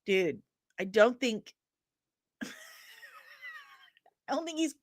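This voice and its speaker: A woman in her forties with a Midwestern American accent, hosting a casual pop culture chat in an animated, ranting, jokey way. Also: a little high, drawn-out words, pauses often, no echo, clean studio sound. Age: 40s. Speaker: pop culture news host.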